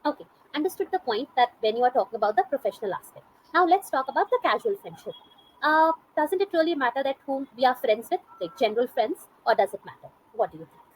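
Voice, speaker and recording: A woman with a high voice leads the conversation at a brisk pace. She asks questions and affirms her guest often. Faint noise sits under her voice. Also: big pitch swings, poor audio. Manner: encouraging, frequent affirmations. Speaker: interviewer, English teacher. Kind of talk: casual conversation practice.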